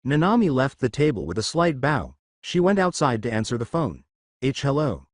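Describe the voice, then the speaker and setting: A man narrating a fan fiction story with an expressive reading. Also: medium pitch, fairly quick, dry recording, studio quality.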